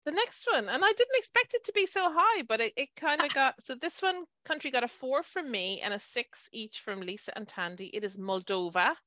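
A woman co-hosting a casual podcast chat, animated and acting out her own thoughts. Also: high voice, brisk, hardly any pauses, no echo. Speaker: podcast co-host.

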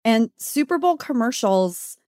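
A woman co-hosting a beauty podcast in casual chat, talkative and quick to laugh and tear up. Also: on the high side, sing-song, dark tone, no echo, clean studio sound. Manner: chatty, gets emotional and laughs through tears. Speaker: podcast co-host.

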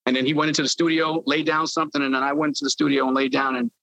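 A man's voice: fairly high pitch, level tone, racing, vocal fry, fairly bright tone, no echo, rough recording. A man in an interview, a former label intern telling stories animatedly and acting out quotes. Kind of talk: storytelling interview.

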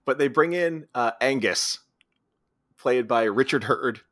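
Bright-voiced man recapping a movie. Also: medium pitch, measured pace, no echo, studio quality. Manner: retells scenes, quoting characters in brief voices. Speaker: podcast co-host. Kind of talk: casual movie recap chat.

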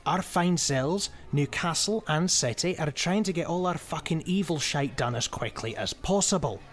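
An actor with a Scottish accent playing a cynical, foul-mouthed football fixer who talks with sneering sarcasm. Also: male voice, on the high side, lightly acted. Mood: scheming. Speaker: football club schemer. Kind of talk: comedic audio drama acting.

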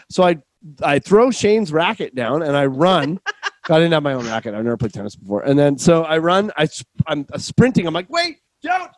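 Young comic, slightly high voice, dry close sound, rambling and animated. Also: male voice, no echo, low-quality recording. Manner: rambling, animated, swearing, quick self-interruptions. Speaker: comedian guest. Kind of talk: casual comedic storytelling.

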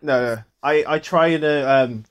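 A man's voice: on the high side, moderate pace. A man playing a tabletop game, explaining his move hesitantly and correcting himself. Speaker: player. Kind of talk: casual tabletop chat.

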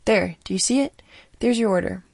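A woman's voice: mid-range voice, fairly quick, vocal fry, darkish tone, husky, no room sound, studio quality. A woman voicing a rebellious young male doctor who talks in a snappy, impatient way.

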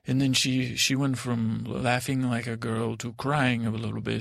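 A man narrates a bedtime story in character, halting and meandering, stumbling over his words and starting again. His voice carries a very heavy gravelly fry. It is recorded close on a podcast mic, bone-dry with no room sound. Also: medium pitch, little pitch movement, no room sound. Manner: halting, meandering, full of stammers and restarts.

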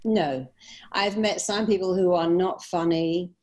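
Animated woman telling stories. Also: fairly low pitch, unhurried. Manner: animated, anecdotal, laughing easily. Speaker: guest, therapist and speaker. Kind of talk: conversational storytelling.

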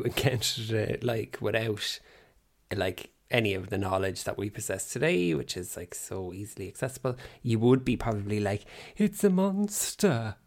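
A man co-hosting a podcast, full of jokey, mocking banter. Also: lowish voice. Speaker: podcast co-host. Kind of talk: casual chat.

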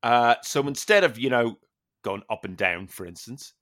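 A man co-hosting a casual podcast chat, telling an animated story with plenty of swearing and laughter. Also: medium pitch, moderate pace. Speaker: podcast co-host.

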